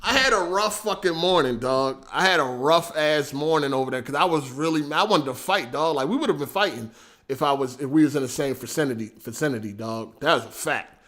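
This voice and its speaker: A man hosting a livestream, telling a story in a casual, slangy, profane, animated way. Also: fairly high pitch, fairly quick. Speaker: podcast host.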